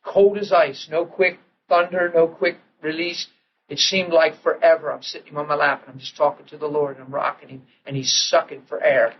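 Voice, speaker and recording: High-voiced man preaching on an old recording. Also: level tone, moderate pace. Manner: storytelling, acts out quotes with sudden hushed drops. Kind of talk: sermon. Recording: dull lo-fi old recording with faint hiss.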